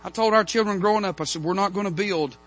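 A man preaching a revival sermon from the pulpit, telling stories and building to loud, emphatic amens. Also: high-pitched, quick pace. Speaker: pastor. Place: church sanctuary.

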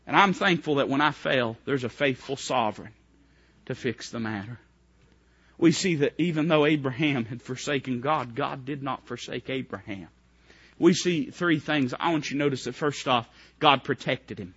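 Male pastor, fiery sermon delivery, bright forceful voice, slightly lo-fi recording. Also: normal speed, slightly rough. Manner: impassioned preaching, swinging from loud high calls to low hushed lines; asks the congregation direct questions.

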